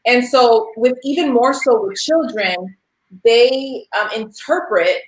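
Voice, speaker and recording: A woman's voice: a little high, slow, a little hiss or hum. A woman in her thirties talking casually as a parent, telling candid stories about raising her young son and acting out the dialogue. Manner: candid, storytelling with quoted dialogue. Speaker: parent sharing experience. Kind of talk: casual discussion. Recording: roomy echo.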